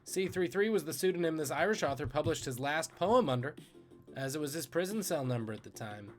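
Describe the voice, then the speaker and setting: A man hosting a live-streamed trivia game over a video call, jokey and animated, moving between loud announcements and muttered asides. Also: a little high, brisk, soft background music. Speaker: trivia host.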